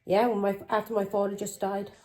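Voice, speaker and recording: A woman's voice: medium pitch, little pitch movement, a little fast, warm tone, rough recording. A middle-aged woman, a tarot reader who talks in an angry, accusing way, swearing and firing taunting questions. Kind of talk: tarot reading vlog.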